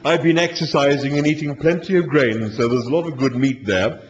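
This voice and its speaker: A man's voice: brisk, a little hiss or hum, close to an everyday voice. A man voicing a polite, contented male cow-like creature offering itself as dinner, in a dull lo-fi live recording. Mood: contented, courteous. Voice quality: low, contented, ingratiating.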